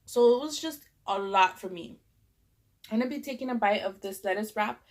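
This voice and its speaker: A woman's voice: mid-range voice, normal speed. A young woman with a Californian accent, stuffed up from a cold, rambling casually while eating in a vlog. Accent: Californian English. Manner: rambling, chatty, lots of "like" and fillers. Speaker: vlogger.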